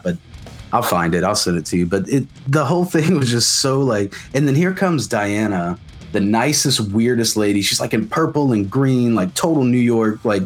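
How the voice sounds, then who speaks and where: A man from the South, a musician telling stories in casual chat, rambling and full of fillers. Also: on the low side. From South Mississippi. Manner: rambling, many "like" fillers, swears freely. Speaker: musician guest.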